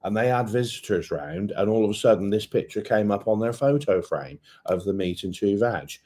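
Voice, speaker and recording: A man's voice: fairly low pitch, animated, moderate pace, mellow. A man from Britain co-hosting a casual travel live stream, joking and teasing his co-host.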